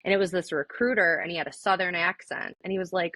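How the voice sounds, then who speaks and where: A woman's voice: lowish voice, steady tone, fast, few pauses, pushed and bright, no room sound. A young adult woman telling her story as an interview guest in a casual, chatty way, full of likes and ums. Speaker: interview guest, army veteran.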